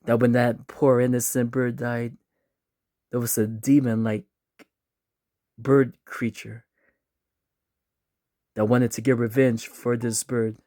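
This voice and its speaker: A man telling a spooky, funny story in a relaxed, chatty way, acting out bits as he goes. He speaks slowly at a mid pitch. The sound is dry and close. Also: dry recording. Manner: laid-back, chatty, acts out voices. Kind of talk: casual storytelling.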